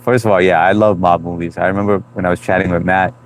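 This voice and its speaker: A man's voice: low-pitched, little pitch movement, quick pace. A man in his thirties hosting a live stream, chatting loosely and greeting viewers by name. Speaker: livestream host reading chat. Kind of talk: casual live chat.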